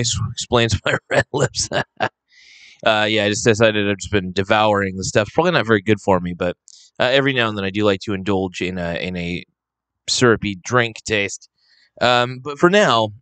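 A slightly hoarse man with a lowish voice rambles casually to his audience, full of "um"s and restarts. He speaks right into a close microphone, and the sound is dry with no room echo around it. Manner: rambling, relaxed, with many fillers and restarts. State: slightly hoarse, coughing now and then. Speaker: vlogger. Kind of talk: casual unscripted talk to camera. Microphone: close handheld microphone.

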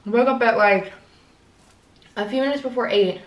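Young woman, casual vlog chat, rambling, fairly high bright voice, roomy echo. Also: moderate pace, distant mic. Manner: rambling, swears casually, fillers and self-talk. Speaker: vlogger.

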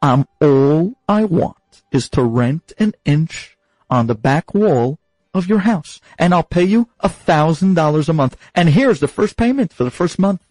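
A man's voice: a little high, lively intonation, measured pace, darkish tone, no echo, faint music behind. A man voicing a stubborn, wealthy miser who haggles insistently and repeats himself. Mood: coaxing.

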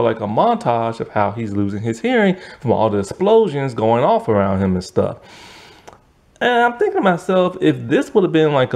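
A man giving a casual, rambling review monologue with lots of fillers and frequent laughs, sounding tired. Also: mid-range voice. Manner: rambling, animated, laughs often, many fillers. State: yawning, tired. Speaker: movie and TV reviewer.

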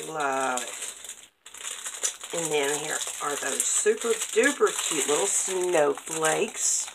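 Woman, craft vlogger, low gravelly voice, unhurried, gushing and gasping; crinkly plastic noise in the mix. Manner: gushing, gasping with delight at each item. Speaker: craft vlogger opening mail. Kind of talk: casual unboxing chat. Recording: crinkling packaging and clicks over the voice.

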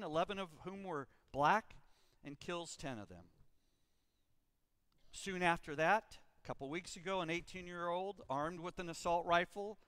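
A man preaching a sermon as pastor, reading scripture and praying in a slow, emphatic way with dramatic pauses. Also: sits high, a bit bright, clear, resonant tone, no room sound. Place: church sanctuary.

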